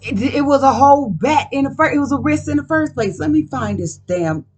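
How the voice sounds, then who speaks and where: A woman's voice: high voice, expressive, brisk, darkish tone. A woman doing a casual card reading at home, talking in a profane, emphatic, rambling way. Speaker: card reader.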